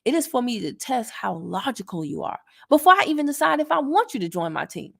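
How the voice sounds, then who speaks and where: A woman network marketing coach addresses the camera in a casual, blunt, sassy and colloquial way, easily getting worked up. She sounds very animated, speaks a little fast, and her slightly high voice carries vocal fry.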